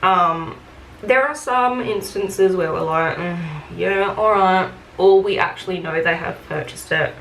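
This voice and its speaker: A woman's voice: on the low side, measured pace, fairly bright tone, slight background noise. A woman telling retail work stories in a casual rant, frank and chatty, with plenty of fillers and swearing. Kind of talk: casual get-ready-with-me rant. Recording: echoey room with faint ambience.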